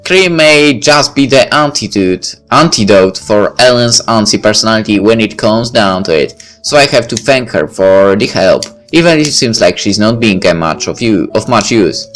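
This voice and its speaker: A man's voice: fairly low pitch, lively intonation, moderate pace, few pauses, fairly bright tone, soft background music. A man reading a visual novel aloud in first person, breaking off for casual asides. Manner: casual asides between narration. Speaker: let's play reader.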